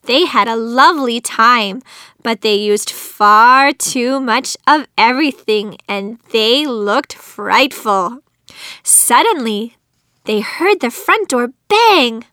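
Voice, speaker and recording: A woman reading a children's storybook aloud, clear and expressive, in scripted narration on a close studio mic. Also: a little high, slow, no echo.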